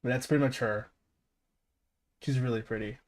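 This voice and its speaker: A male streamer chats casually on his podcast in a mid-pitched voice. He rambles, laughs often and swears freely, tripping over his words as he restarts sentences. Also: fairly even intonation, normal speed.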